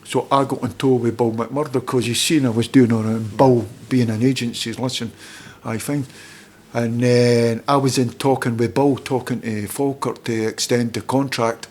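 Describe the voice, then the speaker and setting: A middle-aged Scottish man, a former footballer, telling lively stories in casual chat as a podcast guest and acting out other people's lines. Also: mid-range voice, normal speed. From Scotland. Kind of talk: casual anecdotal storytelling.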